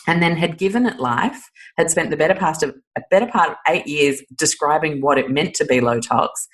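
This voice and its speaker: A woman with an Australian accent, a guest author talking in a casual podcast interview, chatty and animated, laughing often. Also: sits low, a little fast, low-quality recording.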